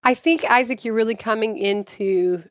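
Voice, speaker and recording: A woman on a casual podcast breaks in with teasing, playful asides. Her voice sits at an ordinary pitch on a close studio mic. The sound is dry, with no room echo. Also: normal speed. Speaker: podcast co-host.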